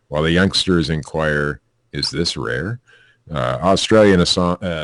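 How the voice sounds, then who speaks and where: A man's voice: extremely low pitch, dry recording. A man co-hosting a casual comedy podcast, reading news stories aloud with offhand jokes and chuckles.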